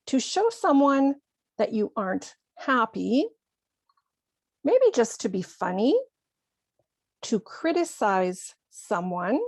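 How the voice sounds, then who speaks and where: A woman teaching English to learners, explaining things slowly and carefully with acted examples. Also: on the high side, darkish tone, no room sound. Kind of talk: slow, careful ESL lesson.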